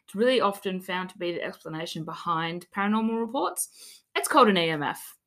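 A woman's voice: lowish voice, expressive, fast talker, a bit bright. A young Australian woman co-hosting a casual podcast, cheeky and swearing freely, with a slight lisp from fresh dental fillings. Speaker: podcast co-host.

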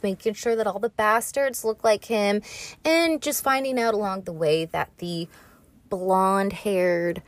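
A woman's voice: mid-range voice, no room sound. A young woman vlogger recapping a story casually, rambling, sarcastic and full of swearing.

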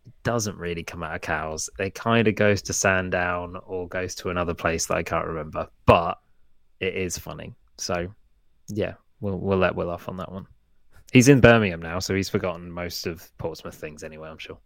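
Deep, gravelly laid-back man. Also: normal speed, no room sound. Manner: laid-back, wry, laughs often. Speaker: podcast co-host. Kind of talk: casual podcast chat.

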